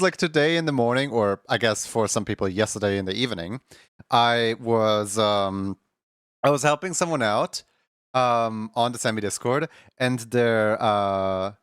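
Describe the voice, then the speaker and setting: A man's voice: on the low side, a bit bright, clear, resonant tone, dry recording, studio quality. A man hosting a live stream in casual chat, often stumbling over repeated words and laughing between thoughts.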